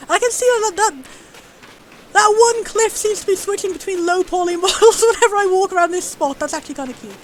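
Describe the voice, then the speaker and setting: A woman streaming a game, gushing with excitement and commenting on everything she sees. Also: very high voice, a little fast, a little hiss or hum, rough recording. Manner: bubbly, gushing, easily excited. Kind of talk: live gameplay commentary.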